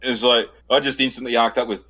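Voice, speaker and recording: A man's voice: medium pitch, fairly even intonation, fairly quick, sharp tone, breathy edge. A middle-aged man with an Australian accent, telling crude stories on a podcast, swearing constantly and laughing at his own tales. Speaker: podcast host. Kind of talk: crude casual storytelling.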